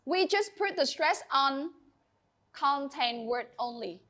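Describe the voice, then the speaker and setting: A woman with a Vietnamese accent teaches a classroom English lesson. Her voice sits high and sounds bright. She speaks slowly and deliberately, spelling out each instruction for her students. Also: animated.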